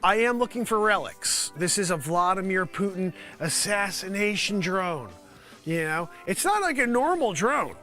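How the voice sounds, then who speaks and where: A man hosting a live comedy stream, improvising a goofy mock news report and sometimes shouting. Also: sits high, very animated, normal speed, faint music behind.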